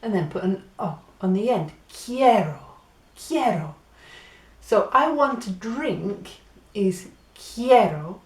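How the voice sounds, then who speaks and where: A woman's voice: medium pitch, a little mellow, reverberant. A woman from Great Britain giving a patient spoken language lesson, spelling out and repeating words. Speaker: Spanish teacher.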